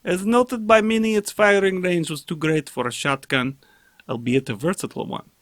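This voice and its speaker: A mock-serious male game developer with a thick, hammy Russian accent, as a man puts it on reads his announcement in a voice pushed well above his own. The delivery is loud and theatrical, and the sound is close and dry. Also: high voice, steady tone, normal speed, no echo, pitched above the performer's own voice. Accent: Russian, put on badly. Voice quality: exaggerated comic foreign accent. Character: earnest adult male game developer reading an update. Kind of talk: comic impression reading a statement.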